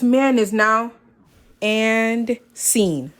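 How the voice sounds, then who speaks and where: A woman's voice: medium pitch, animated, moderate pace, a bit bright, slight background noise. A young woman vlogger telling a storytime in a sassy, dramatic way, acting out both sides of the conversation.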